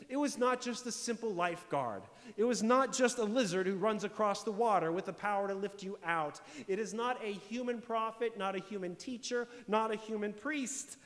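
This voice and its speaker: A man's voice: high-pitched, moderate pace, hardly any pauses, a bit bright, in a large hall. A man preaching a sermon as pastor, explaining scripture emphatically and posing rhetorical questions. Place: church sanctuary.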